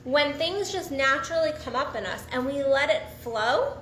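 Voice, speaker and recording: A woman's voice: high-pitched, normal speed, echoey room, a little hiss or hum. A woman coach talking frankly and casually on her own, with blunt swearing and frequent restarts. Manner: frank and profane, animated, restarts often. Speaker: sex and relationship coach. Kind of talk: casual solo talk to camera.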